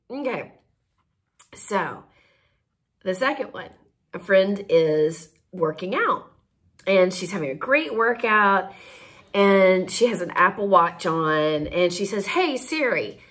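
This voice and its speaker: A woman's voice: mid-range voice, slow, long pauses. A woman casually telling a funny anecdote, laughing often as she talks. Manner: giggly, laughs through the telling, animated. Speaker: storyteller host.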